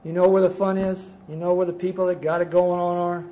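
A man's voice: sits high, flat delivery, fast, highs cut off. Emphatic older man telling his story. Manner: emphatic storyteller, swinging between loud bursts and quiet asides. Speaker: speaker at a recovery conference. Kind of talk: personal recovery testimony. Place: conference gathering before a live audience.

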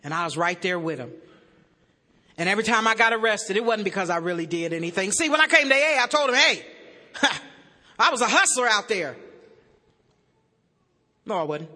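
In an echoey hall, a woman speaks to an audience at a recovery meeting, giving a humorous testimony. Her mid-range voice moves quickly, animated and joking, with bursts of shouting.

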